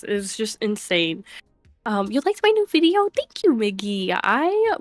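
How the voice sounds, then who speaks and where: Very animated, a young woman livestreaming from home speaks at medium pitch and a moderate pace through a desk microphone. There's no room sound, just faint music behind her, as she reads chat names aloud and laughs often.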